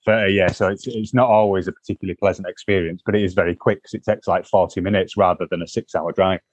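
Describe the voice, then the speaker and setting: A man's voice: low-pitched, steady tone, fast, dry recording, muffled recording. A middle-aged man from northwest England, co-hosting a podcast and telling a rambling travel story. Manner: rambling, many fillers and restarts. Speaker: podcast co-host. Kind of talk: casual chat, storytelling.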